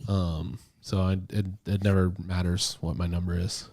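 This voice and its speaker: A man co-hosting a casual panel chat, easygoing and quick to laugh. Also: low-pitched, flat delivery, darkish tone. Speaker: co-host.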